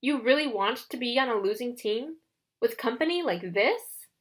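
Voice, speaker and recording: A woman reading an audiobook, voicing a smooth, mocking young male villain who taunts the heroes. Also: on the high side, expressive, moderate pace, lightly acted. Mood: taunting.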